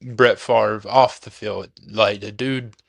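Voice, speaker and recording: A man's voice: fairly low pitch, fairly even intonation, slow, vocal fry, no room sound. A man hosting a casual interview, loose and conversational, often repeating himself. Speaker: interview host.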